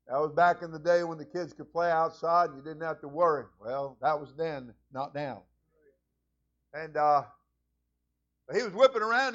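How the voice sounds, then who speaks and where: High-voiced preaching pastor, man. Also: dull audio. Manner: preacherly, swings from low asides to loud fervent prayer. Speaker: senior pastor. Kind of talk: sermon.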